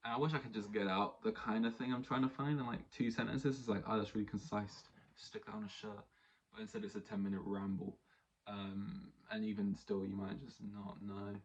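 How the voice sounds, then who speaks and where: A young man rambles through a solo podcast episode in a low voice. He leans on fillers and keeps circling back to his point. The recording sounds dull and lo-fi. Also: fairly even intonation, a little fast. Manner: rambling, many fillers and restarts. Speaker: podcast host. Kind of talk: solo casual podcast monologue.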